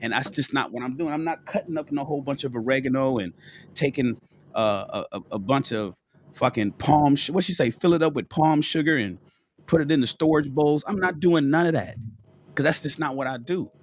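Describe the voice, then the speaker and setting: A man's voice: medium pitch, a little fast. A man who is sick and lying down, talking bluntly and profanely as a panelist in a casual chat, with many restarts and a cough. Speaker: panelist on a live call-in show. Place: at home in bed.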